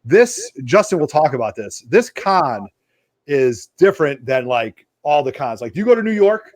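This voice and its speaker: A man with an East Coast American accent, hosting a casual chat and telling stories in a rambling, animated way full of fillers. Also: a little high, moderate pace, no room sound, clean studio sound. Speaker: host. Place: home studio basement.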